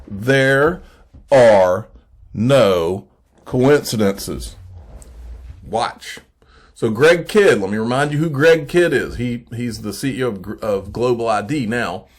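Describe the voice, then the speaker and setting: A man hosting a crypto investing channel, giving casual emphatic commentary and repeating points slowly for effect. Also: medium pitch. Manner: addresses viewers as folks, frequent okay. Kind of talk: casual commentary on screen posts.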